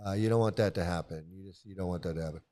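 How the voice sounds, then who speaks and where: A man casually telling a personal story, halting often and repeating his phrases as he restarts. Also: low voice, dark tone. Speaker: vlogger recounting past experiences.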